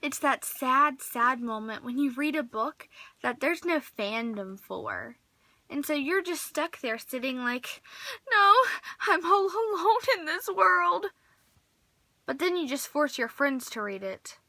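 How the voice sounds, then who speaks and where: Bright, dramatic young woman vlogger. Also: high-pitched, expressive, unhurried, dry recording. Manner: dramatic, exasperated, acts out little scenes. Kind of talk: comedic vlog monologue.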